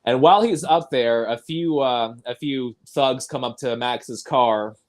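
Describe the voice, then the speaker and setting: A man's voice: medium pitch, a little slow. A man hosting a casual film discussion podcast, eagerly recapping scenes and often laughing. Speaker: podcast host.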